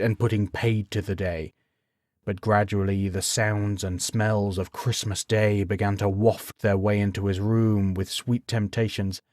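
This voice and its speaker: Low-voiced male storyteller, dry and close. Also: no room sound. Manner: expressive, measured storytelling with wry humor. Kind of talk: bedtime story narration.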